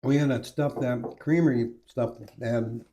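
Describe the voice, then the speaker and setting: A man's voice: medium pitch, fairly even intonation, moderate pace, mellow. A middle-aged man hosting a casual podcast, blunt and profane, laughing often. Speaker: podcast host. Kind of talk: casual crude chat. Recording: echoey room.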